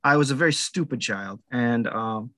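A man's voice: mid-range voice, bright, forceful tone, no echo, clean studio sound. A man co-hosting a podcast in casual chat, telling crude jokes and laughing often. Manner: crude joking, quick laughs. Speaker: podcast co-host.

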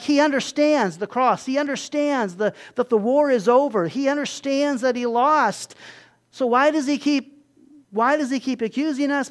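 A preacher in full sermon mode, voice sitting at a middle pitch. The delivery is animated, jumping from loud, emphatic stretches to quiet, low asides. Words get repeated and phrases restarted along the way.

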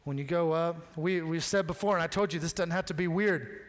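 A man preaching a sermon, telling a story with animated, casual acted-out dialogue. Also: a little high, brisk. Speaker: pastor. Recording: long reverb of a large hall.

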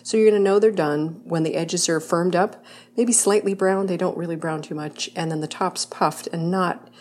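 A woman with a slightly low voice hosts a home baking show from her kitchen. She talks in a loose, chatty way, full of fillers, and corrects herself as she goes. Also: steady tone, normal speed, darkish tone. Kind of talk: casual baking demonstration.

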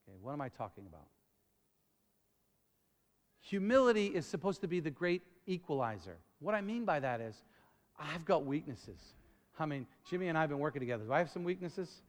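A middle-aged man preaching a sermon, rambling and repeating words, then building up to shouting. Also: fairly high pitch, sing-song, a little fast, long pauses. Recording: long reverb of a large hall.

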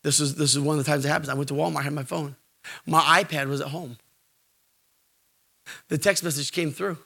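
Man, sermon, high pitch, bright tone, animated, middle-aged. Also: a little fast, vocal fry. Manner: animated, swings from shouting to hushed and jokey. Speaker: preacher.

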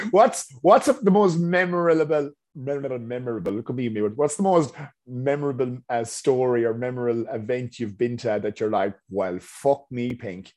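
A man hosting a podcast in a relaxed chat, swearing casually. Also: mid-range voice, brisk, few pauses. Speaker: podcast host.

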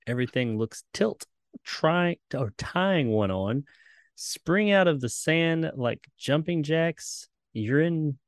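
A man's voice: medium pitch, no room sound, clean studio sound. A man co-hosting a podcast, reading a long list with playful, mock-dramatic relish and chatting casually. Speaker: co-host.

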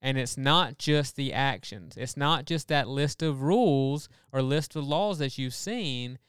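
A man talks through a Bible passage in a casual, earnest way, building his point and rushing through asides. His voice is very smooth and clear, and the recording is dry and close. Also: medium pitch, no echo. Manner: earnest, explanatory, animated with quick asides. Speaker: podcast co-host. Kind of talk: casual Bible study discussion.

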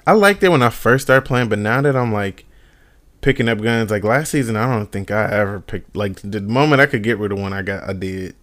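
A man's voice: on the low side, a little fast, a bit bright. A man co-hosting a podcast in casual chat, easygoing, with short replies. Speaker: podcast co-host.

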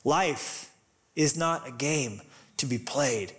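A male pastor giving a conversational, animated sermon with loud, emphatic bursts. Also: mid-range voice, slow.

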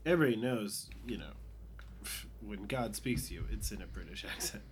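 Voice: mid-range voice, lively intonation, brisk, slight background noise. A podcast co-host in casual chat, making wry, laughing asides.

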